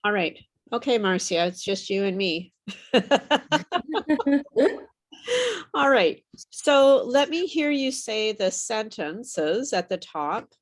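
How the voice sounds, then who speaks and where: A woman teaching an online English pronunciation class over a video call, slow and patient, her voice a little worn as she says she is losing it. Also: mid-range voice, lively intonation. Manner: patient, repeats and models words slowly.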